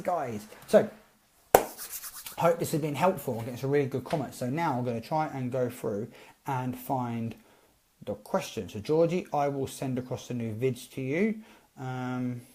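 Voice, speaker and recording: A man coaching network marketers in a casual live stream, chatty and animated, acting out both sides of text chats. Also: medium pitch, slight background noise. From Britain.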